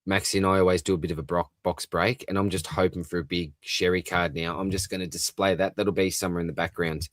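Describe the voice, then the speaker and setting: A man's voice: low-pitched, level tone, fast talker, dry recording, studio quality. An Australian man hosting a live stream, chatting casually and upbeat as he reads out viewers' comments, laughing easily. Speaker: livestream host.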